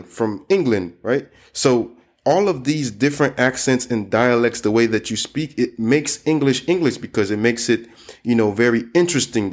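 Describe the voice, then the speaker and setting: A man teaching English in a loose, chatty way, slowing down to model how word endings sound. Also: mid-range voice. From United States. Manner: loose and chatty, lots of "you know" and "like". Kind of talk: casual spoken lesson.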